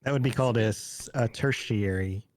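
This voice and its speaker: A man's voice: mid-range voice, moderate pace, a little mellow. A man co-hosting a gaming podcast in casual chat, tossing in teasing wisecracks. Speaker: podcast co-host.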